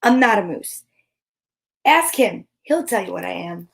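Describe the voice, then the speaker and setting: A woman's voice: medium pitch, animated, measured pace, gravelly, fairly bright tone. A woman voicing an exasperated female cow who keeps protesting, in a storybook reading.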